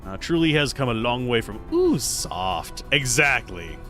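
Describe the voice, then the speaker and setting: A man's voice: medium pitch, big pitch swings, a little slow, pushed and bright, faint music behind. A man streaming a game live, playfully reading dialogue aloud and joking about it.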